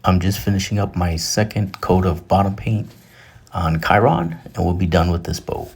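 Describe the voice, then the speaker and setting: A man narrates his boat projects in a voice-over with a deep, gravelly voice and a dark, mellow tone. His delivery is relaxed and matter-of-fact. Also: moderate pace, slight background noise. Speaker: boating vlogger.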